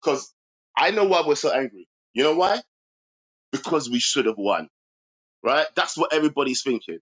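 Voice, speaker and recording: A man calling into a football talk stream, upbeat, animated and playful. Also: medium pitch, normal speed, dull audio. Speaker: caller. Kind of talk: live-stream call-in football chat.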